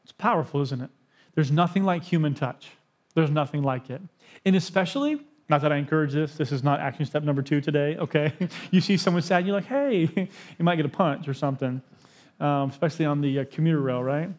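A man's voice: a little high, brisk. A man in his thirties preaching a sermon in a church, conversational and personal, with joking asides. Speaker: pastor. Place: church sanctuary.

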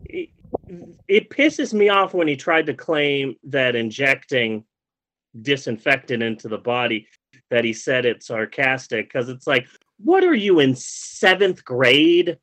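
A man's voice: medium pitch, big pitch swings, a little slow, fairly bright tone, low-quality recording. A man in his thirties, a podcast host, ranting in casual chat with lots of swearing and exasperation.

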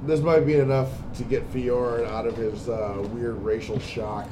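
A man's voice: medium pitch, steady tone, unhurried. A man playing a tabletop game who explains his actions hesitantly, with many fillers. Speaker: player. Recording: distant mic, noisy background.

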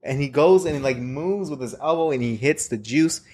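A young man co-hosting a casual podcast chat, telling a story in fast bursts and laughing through it. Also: mid-range voice, darkish tone. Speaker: podcast co-host.

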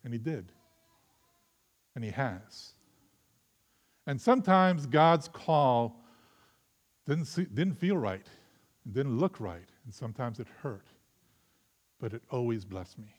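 A man preaching a sermon with earnest conviction, moving between loud emphatic stretches and quiet reflective ones before closing in prayer. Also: medium pitch, expressive, slow pace, long pauses. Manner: closes in prayer. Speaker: pastor.

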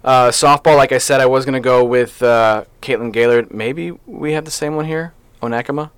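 A man's voice: medium pitch, moderate pace, clear, resonant tone, no room sound. A man co-hosting a local sports podcast in casual chat, rambling and playful as he talks through his picks. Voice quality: chatty, rambling, playful about names. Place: small podcast studio.

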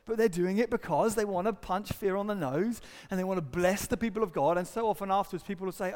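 A middle-aged man, a pastor, preaching an earnest sermon and acting out quotes and stories with lively shifts. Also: sits high, fast, few pauses, long reverb tail. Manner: earnest, animated storytelling with acted-out quotes.

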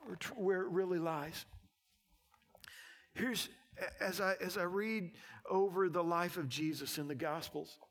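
A male pastor preaching a sermon, moving between hushed, quiet passages and loud, emphatic peaks. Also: sits high.

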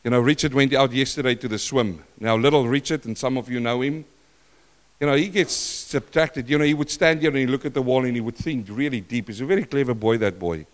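An older man preaching a sermon in church, questioning the congregation and swinging between loud and soft. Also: mid-range voice, brisk. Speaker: pastor.

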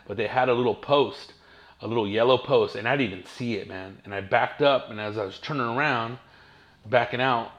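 A man, hosting his own podcast and telling rambling, profane stories in casual slang. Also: medium pitch. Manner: profane, slangy, laid-back storytelling. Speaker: podcast host.

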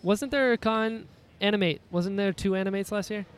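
A man's voice: high-pitched, normal speed, clean tone. A man hosting a podcast, interviewing guests at a convention booth in an easygoing, agreeable way. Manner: easygoing, agreeable, laughs often. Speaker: podcast host.

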